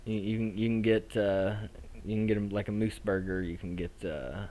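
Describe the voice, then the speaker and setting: Deep-voiced, hesitant game master, recorded in an echoey room. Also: male voice, steady tone, mellow. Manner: halting, many fillers and restarts. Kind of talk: narrating a tabletop game.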